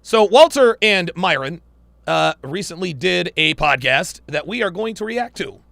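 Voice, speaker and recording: A man's voice: high voice, animated, unhurried, gravelly, a bit bright, no room sound. A man hosting a podcast, reacting to clips in blunt, profane casual commentary with lots of emphatic repetition.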